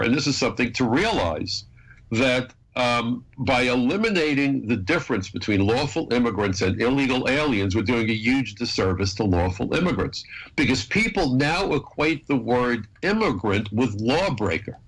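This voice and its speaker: Older American man, talk-radio guest, animated storyteller, middle pitch. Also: moderate pace, slightly rough, low-quality recording. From United States. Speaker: guest, former federal agent. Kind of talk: radio talk show anecdote.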